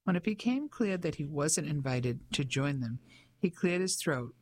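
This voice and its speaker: A woman reading a novel aloud, narrating in a measured way and lightly acting the dialogue. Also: very deep voice, darkish tone. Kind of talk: audiobook narration with character voices.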